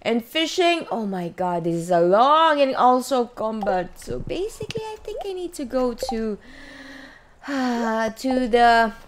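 A woman's voice: on the high side, very animated, takes it slowly, background noise. A woman casually commenting on her own gameplay, chatting to herself and her viewers as she plays. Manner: chatty, talks to herself and viewers while playing. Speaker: gaming channel host. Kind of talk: casual let's-play commentary. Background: faint game music.

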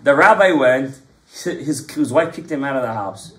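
A man's voice: medium pitch, normal speed, roomy sound. A man teaching an informal Torah class to a small group, telling stories and mixing in Hebrew and Kabbalah terms. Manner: lively storytelling, mixes in Hebrew and Kabbalah terms.

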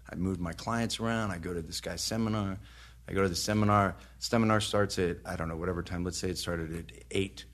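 A man in his fifties with a low, slightly bright voice appears as a trainer guest on a podcast. In casual storytelling mode, he spins long rambling anecdotes, swearing freely and laughing as he talks.

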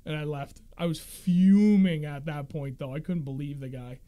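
A man in his thirties hosting a fishing podcast, telling stories in a casual, animated way and laughing often. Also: fairly high pitch, moderate pace. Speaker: podcast host. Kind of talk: casual chat.

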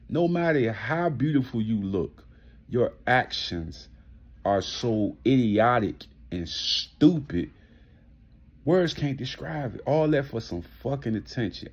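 A man's voice: fairly low pitch, a little mellow, slightly rough, highs cut off. A man ranting in an indignant commentary vlog, emphatic and swearing heavily. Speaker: commentary vlogger.

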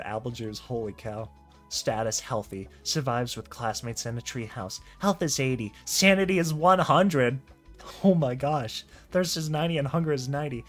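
A reader casually reads out and reacts to a slideshow comic, full of excited exclamations, in a medium-pitched voice.

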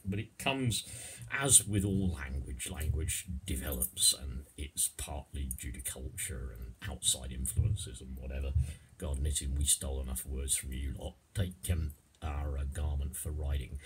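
A middle-aged man giving an informal language lesson in a chatty, rambling, digressive way with a husky voice. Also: a bass voice, normal speed. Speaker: YouTube English teacher.

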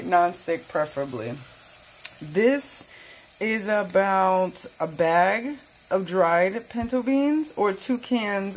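A woman's voice: mid-range voice, a little mellow, slight background noise, poor audio. A woman hosting her own cooking channel, with a playful, sassy manner, talking straight to viewers as she cooks in her home kitchen. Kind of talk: casual cooking demo.

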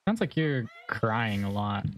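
A man's voice: lowish voice, big pitch swings, a little slow. A young man co-hosting a gaming stream, chatting casually with dry, teasing, matter-of-fact corrections.

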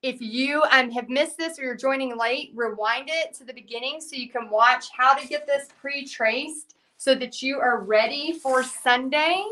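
A woman hosts a live painting stream, chatting casually, reading out viewer comments and using many fillers as her voice starts to go. Her voice sits high with a sharp tone, at a moderate pace with hardly any pauses.

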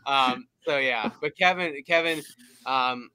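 Bright forceful guy, podcast cohost telling stories, does little impressions, dry close mic. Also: medium pitch, slow pace, clear, resonant tone, no echo. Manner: animated storyteller who slips into impressions and laughs. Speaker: podcast co-host, former team staffer. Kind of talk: casual storytelling chat.

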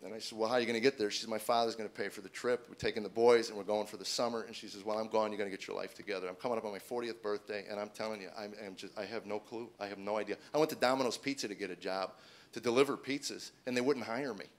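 A man's voice: on the low side, very fast. A man in his forties doing stand-up, telling a self-deprecating personal story and acting out the dialogue with his wife in shifting voices. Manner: self-deprecating, acts out dialogue in shifting voices, rises to excited near-shouts. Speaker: stand-up comedian. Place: stage before a live audience.

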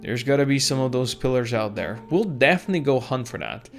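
A relaxed man chatting through his game session in a casual, easygoing way, cursing offhand as he goes. His voice sits at an ordinary middle pitch, with soft background music running underneath. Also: brisk. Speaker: gaming video host. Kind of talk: casual let's-play commentary.

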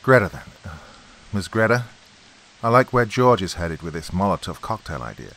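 A man's voice: deep voice, big pitch swings, moderate pace, fairly bright tone, heavily acted. A man voicing a level-headed small-town police officer giving practical orders. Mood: steady.

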